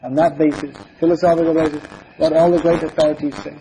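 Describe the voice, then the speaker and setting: A man's voice: a little high, level tone, quick pace, dark tone, poor audio. A man lecturing on scripture in a devotional talk, asking rhetorical questions and chanting verses. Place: lecture hall. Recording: faint background noise, older recording.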